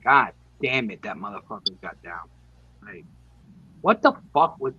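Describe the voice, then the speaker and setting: Husky profane ranting man. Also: lowish voice, sing-song, a little slow, pushed and bright, highs cut off. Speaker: panelist. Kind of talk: casual podcast chat.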